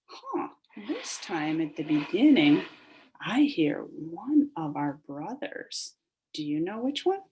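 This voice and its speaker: A woman leads a phonics lesson for small children, sounding out each word slowly and drawing out its parts. Her pitch swoops up and down in a lively sing-song, and her voice has a soft, breathy edge. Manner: slow, sing-song and animated, stretching out sounds. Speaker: teacher.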